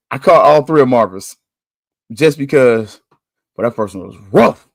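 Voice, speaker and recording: A man hosting a podcast, talking candidly in a casual monologue, chatty and quick to laugh. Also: medium pitch, creaky, no room sound, clean studio sound. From United States. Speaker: podcast host.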